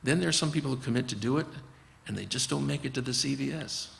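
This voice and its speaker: A man's voice: medium pitch, quick pace, creaky, fairly bright tone, in a large hall, slight background noise. A man, a physician guest, talking earnestly and explaining his approach, often acting out conversations with patients. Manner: earnest, acts out dialogues with patients.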